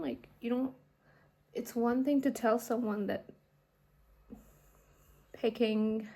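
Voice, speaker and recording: A woman's voice: fairly high pitch, creaky, darkish tone. A young woman from India, a Hindi speaker, talking candidly to her camera in a rambling, casual way, often dropping to a half-whisper. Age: young adult. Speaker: vlogger and artist. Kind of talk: casual vlog talk to camera.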